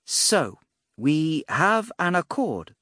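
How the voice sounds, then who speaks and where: A man's voice: fairly high pitch, sing-song, very slow, bright, forceful tone, dry recording, clean studio sound, voice pushed up, exaggerated voice. Man playing a smug scheming mage. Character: grinning, scheming male mage.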